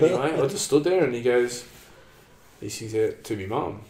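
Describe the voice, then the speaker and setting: A man's voice: medium pitch, lively intonation, normal speed, darkish tone, reverberant. An Australian man telling a long story in casual chat, rambling and sweary, peppering his talk with "man" and "like".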